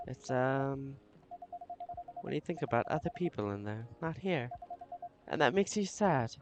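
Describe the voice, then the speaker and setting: A man's voice: mid-range voice, expressive, measured pace, background noise. A man hosting a let's-play, reading a visual-novel game aloud in a playful way and goofing around between lines.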